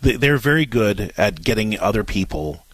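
Animated male advice-show host. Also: fairly low pitch, moderate pace, dry recording. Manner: animated, acts out quoted lines, frequent restarts. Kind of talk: casual advice talk.

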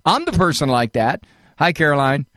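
Older guy doing a call-in advice show, bit high voice, folksy and fatherly, dry studio sound. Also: big pitch swings, moderate pace, a bit bright, dry recording. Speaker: radio call-in host, psychologist.

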